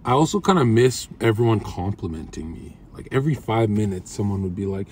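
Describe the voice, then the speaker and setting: A man's voice: on the low side, lively intonation, fairly quick, hardly any pauses, a little mellow, slight background noise. A man streaming from his car, talking in brash, crude trash-talk to his chat. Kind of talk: casual livestream chat.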